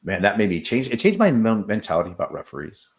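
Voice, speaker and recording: A man's voice: lowish voice, huge pitch swings, quick pace, vocal fry. A man who is an assistant wrestling coach, talking casually in an interview and telling stories full of fillers and acted-out quotes. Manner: storytelling, acts out quoted exchanges, many fillers.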